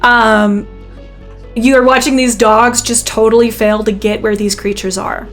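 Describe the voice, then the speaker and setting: A woman's voice: a little high, fairly even intonation, measured pace, soft background music. Woman game master narrating vividly. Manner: vivid, descriptive, with frequent ums and self-corrections.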